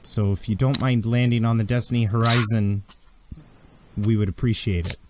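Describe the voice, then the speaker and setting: A polite freighter pilot, as a game master voices him, with a lowish man's voice, talking a little hurriedly and courteously in a tabletop game. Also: fairly even intonation, normal speed, noisy background, lightly acted.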